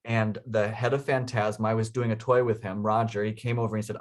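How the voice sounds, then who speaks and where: Man, lower voice, excited storyteller, laughs a lot, lots of ums. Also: quick pace. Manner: enthusiastic, laughs often, frequent um and uh. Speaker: interview guest, inventor. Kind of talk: casual storytelling.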